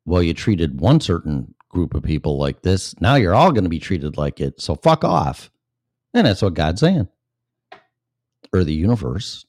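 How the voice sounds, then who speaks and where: Deep and slightly mellow, this Illinois man's voice is captured at studio quality with no room sound. Hosting his own podcast, he reads the news and veers into sarcastic, profane, blunt ranting commentary.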